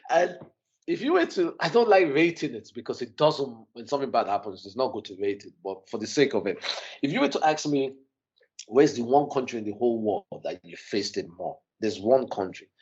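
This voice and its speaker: Animated man telling a story. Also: medium pitch, normal speed, highs cut off. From Nigeria and the UK. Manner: animated, restarts often, voice rises when shocked. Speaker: podcast guest. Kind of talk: casual storytelling.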